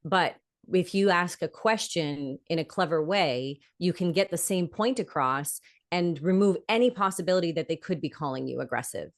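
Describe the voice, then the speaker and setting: A woman with a low voice talks through her points in a relaxed interview, leaning hard on key words. She acts out sample questions as she explains, in the steady way of a middle-aged expert. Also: moderate pace. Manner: emphatic, explains with acted example questions. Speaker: negotiation expert guest. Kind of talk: conversational interview.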